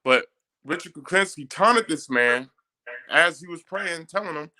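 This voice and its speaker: Man, bright tense voice, emphatic storyteller who moralizes. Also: a little high, animated, unhurried. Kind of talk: casual discussion.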